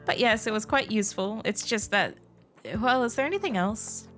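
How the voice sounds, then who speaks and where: A woman's voice: a little high, moderate pace, a bit bright, soft background music, voice pushed up, natural voice. A woman voicing a nervous, evasive young woman researcher in a game, stammering and hesitant.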